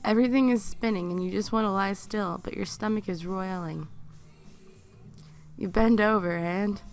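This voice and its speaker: Casual female reader of a dark second-person story, with a fry-heavy voice and crude asides. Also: mid-range voice, normal speed, soft background music. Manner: breaks off into crude, joking asides. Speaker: reader of fan fiction.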